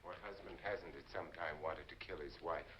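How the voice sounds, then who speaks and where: An actor playing a cold, sardonic millionaire husband in a 1950s horror film, cool and cutting. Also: male voice, deep voice, normal speed, fairly bright tone, slight background noise, rough recording.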